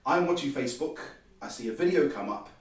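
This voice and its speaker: A man, a podcast guest, telling a personal story in an animated way and acting out the dialogue. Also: mid-range voice, fast talker. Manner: animated, acts out quoted dialogue. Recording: very echoey room, distant mic.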